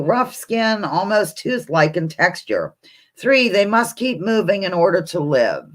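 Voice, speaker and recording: Animated woman hosting a live quiz. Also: lowish voice. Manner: chatty, reads viewer comments aloud, talks to her dog between questions. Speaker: livestream host. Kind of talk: casual live-stream quiz chat. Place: home, indoors.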